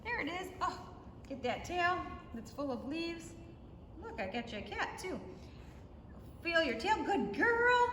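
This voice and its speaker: A woman dog trainer runs a puppy class demo, explaining things to viewers as she praises and rewards a puppy. Her voice is extremely high and sharp-toned, recorded in an echoey room with faint ambience and slight background noise.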